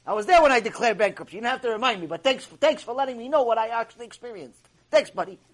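A man's voice: extremely high pitch, expressive, rapid-fire. A man doing a sarcastic fed-up guy. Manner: sarcastic, exasperated.

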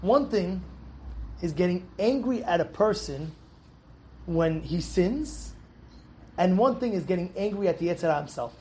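A young adult rabbi giving an animated, emphatic Torah lesson to young students, telling a story and repeating phrases for stress. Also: male voice, sits high, normal speed, pauses often, a little hiss or hum. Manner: emphatic, repeats phrases, shouts in acted quotes.

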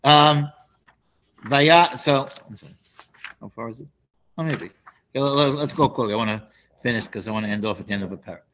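Bright-voiced man teaching a Bible class. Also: medium pitch, fairly quick, long pauses, slight background noise. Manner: animated, with frequent restarts and asides. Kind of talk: Torah class lesson.

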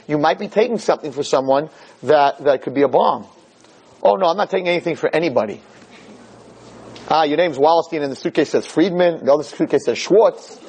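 A grown man playing a doubtful airport security officer, his questions probing and skeptical, done by a man in a fairly high voice that fires lines off quickly at times. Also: a little mellow, husky, rough recording.

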